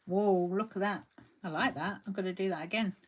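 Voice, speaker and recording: A woman's voice: mid-range voice, fairly quick. Chatty woman demonstrating crafts. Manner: chatty, greets viewers by name while painting. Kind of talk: live crafting tutorial.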